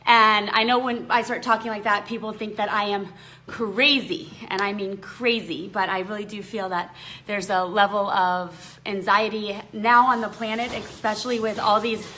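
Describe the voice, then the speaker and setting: A woman's voice: medium pitch, steady tone, moderate pace, sharp tone, a little hiss or hum. A woman hosting a live online session, talking in a bubbly, effusive and earnest way. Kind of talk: casual livestream talk.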